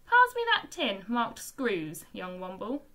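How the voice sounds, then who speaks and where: A woman voicing a gruff, brusque old male Womble who keeps the stores, in a read-aloud storybook. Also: mid-range voice, huge pitch swings, slow pace, a bit bright, heavily acted. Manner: brusque, grumbling.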